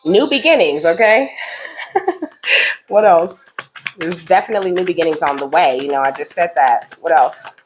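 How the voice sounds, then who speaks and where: A woman's voice: deep voice, steady tone, fairly quick, darkish tone, slight background noise. A woman doing a casual oracle card reading for viewers, reassuring and affectionate, ending almost every sentence with "okay?". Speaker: spiritual card reader.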